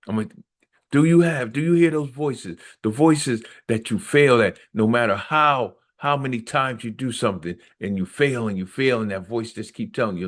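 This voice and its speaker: A man's voice: mid-range voice, normal speed. A middle-aged man reads his own memoir aloud and breaks off to preach on it. He speaks with earnest, repetitive, preacher-like emphasis. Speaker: author reading his memoir.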